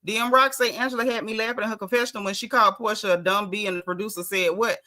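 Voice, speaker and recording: A woman's voice: mid-range voice, racing. A woman, chatting sassily and animatedly as she recaps a reality TV episode. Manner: sassy, animated, mimics cast members' quotes. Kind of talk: casual reality TV recap chat.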